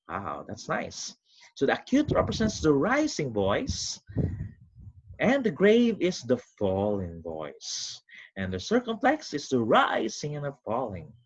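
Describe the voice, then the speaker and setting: A man teaching a recorded online lesson, explaining step by step with quick recaps in an animated, sing-song way. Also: mid-range voice, slightly rough. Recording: dull lo-fi recording.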